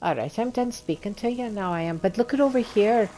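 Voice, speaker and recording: A woman's voice: medium pitch, lively intonation, brisk, dark tone. A woman playing a game and chatting casually, playful and teasing, with faint game music behind. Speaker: streamer and co-player. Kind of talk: casual gaming chat.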